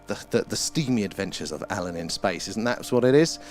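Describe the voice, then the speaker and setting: A man's voice: fairly low pitch, expressive, brisk. A British man hosting a casual live stream, chatting, greeting viewers by name and swearing mildly. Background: faint ambient music.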